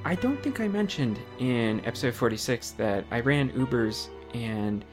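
A man's voice: mid-range voice, animated, moderate pace, faint music behind. A man co-hosting a casual gaming podcast, chatty and jokey about himself. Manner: jokey, self-deprecating, chatty. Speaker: podcast co-host.

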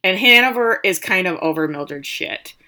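A woman chatting through a TV episode recap in a relaxed, conversational way, her voice bright and forward. She slips into quick character voices when quoting lines, and her pitch sits a little low for a woman. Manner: animated, quotes characters in lively voices. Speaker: podcast co-host recapping a TV episode. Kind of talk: casual chat recap.

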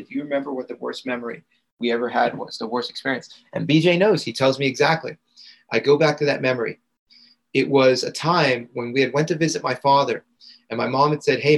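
A man's voice: mid-range voice, fairly bright tone, husky, rough recording. A young man, a guest coach, retelling a painful personal experience in an intense, raw and vivid way. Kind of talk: emotional personal storytelling.

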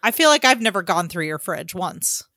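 A woman's voice: fairly low pitch, sing-song, moderate pace, pushed and bright, no room sound, studio quality. A woman co-hosting a casual podcast, chatty and loose, with lots of ums and the odd swear word. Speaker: podcast co-host. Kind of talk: casual chat.

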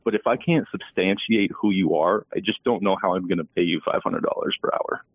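Deep guy on a thin phone line, emphatic podcast guest, dry sound. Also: a little fast, no room sound. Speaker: guest agency owner. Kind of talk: podcast interview. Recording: tinny phone-like call line.

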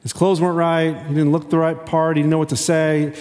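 A man giving a conversational sermon as a pastor, talking haltingly with many restarts. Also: a little high, little pitch movement, darkish tone. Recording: long hall reverb.

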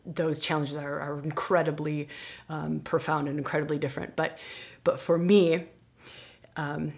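A woman in a podcast conversation, telling a candid personal story in an animated, self-mocking way and swearing now and then. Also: sits low.

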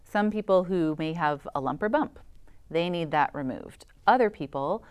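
A woman's voice: lowish voice, animated, normal speed, darkish tone, smooth. A woman who works as a voice specialist, giving enthusiastic explanations as a guest in an interview.

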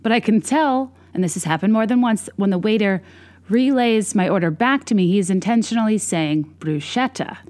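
A woman's voice: mid-range voice, expressive, normal speed, a little mellow. A young adult woman hosting a podcast, talking in a wry, self-deprecating, rambling monologue. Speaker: podcast host. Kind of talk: casual comedic monologue.

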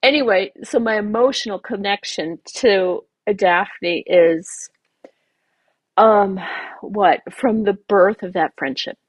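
Husky-voiced woman telling a personal story. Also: mid-range voice, slow pace, no room sound. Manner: emotional, rambling with many asides. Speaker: podcast guest, garden designer.

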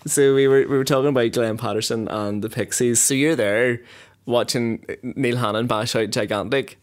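A man hosts a relaxed radio chat. He talks in an easygoing, chatty way and laughs often. His voice sits at a middle pitch. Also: normal speed. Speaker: radio host.

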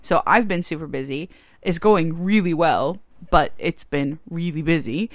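A young woman co-hosting a casual chat, dropping wry, quick remarks. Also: low voice, no room sound, clean studio sound. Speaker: podcast co-host.

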